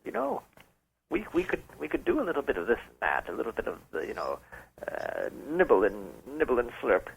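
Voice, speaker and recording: A man's voice: mid-range voice, wildly swooping pitch, brisk, gravelly, slight background noise, rough recording. A man playing a pompous caller posing as a rock singer, speaking in a mock-formal, smug, suggestive way on a radio show. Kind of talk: comedic prank call on radio.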